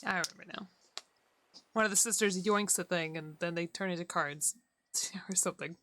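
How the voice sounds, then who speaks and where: A woman's voice: on the low side, moderate pace, a bit bright. A woman streaming a game, chatting casually with her viewers and laughing often. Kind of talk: casual gameplay chat.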